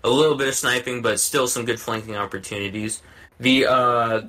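A man's voice: medium pitch, fairly even intonation, moderate pace, sharp tone. A man hosting a casual chat, asking questions and summing up the answers. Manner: asks questions, sums up answers. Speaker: podcast host.

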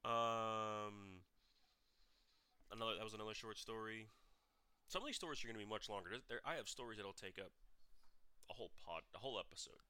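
A man's voice: lowish voice, brisk, long pauses, bright, forceful tone, clear, resonant tone, no echo. A man hosting a solo podcast, telling personal stories bluntly, with frequent swearing and restarts. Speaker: podcast host.

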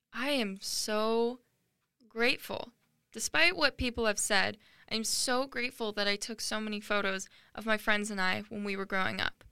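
A woman's voice: fairly high pitch, bright, forceful tone, clean tone, no echo, clean studio sound. A young woman in her late teens hosting a podcast, talking earnestly and emotionally in a rambling personal monologue with many fillers. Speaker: podcast host.

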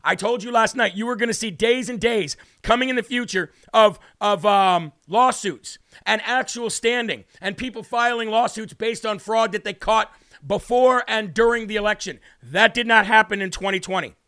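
A man hosting a live stream with a high, bright, forceful voice. He delivers fired-up political commentary, speaks straight to his viewers and reads their chat messages out loud. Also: moderate pace. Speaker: host of a live online talk show.

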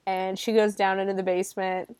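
A woman's voice: medium pitch, level tone, fairly quick, darkish tone, clean tone, no echo. A woman recapping a horror film in a casual, chatty way, swearing freely and filling her talk with "like" and laughter. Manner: chatty, profane, lots of fillers and laughter. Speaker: horror movie reviewer. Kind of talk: casual spoken movie recap. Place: home room.

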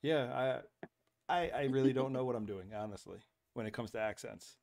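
A man's voice: mid-range voice, normal speed, vocal fry, darkish tone. A man hosting a podcast, chatting casually with many fillers and laughs. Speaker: podcast host. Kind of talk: casual chat.

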